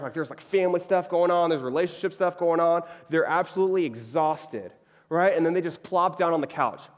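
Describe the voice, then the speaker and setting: Young male preacher, chatty, in a hall. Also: fairly high pitch. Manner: chatty, frequently asks "right?". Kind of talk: conversational sermon. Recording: long reverb of a hall.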